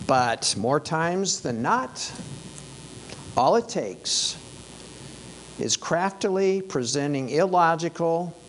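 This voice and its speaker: A man's voice: fairly high pitch, expressive, slow, pauses often, a little hiss or hum, rough recording. A male preacher giving a sermon in a conversational, wry and emphatic way, losing his voice.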